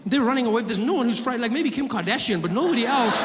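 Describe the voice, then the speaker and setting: A male comedian tells a story on stage, animated and acting out scenes. His voice sits high, and the long reverb of a large venue rings around it. Audience sound stays clearly audible behind him. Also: quick pace, few pauses, very noisy. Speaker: stand-up comedian. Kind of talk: stand-up comedy.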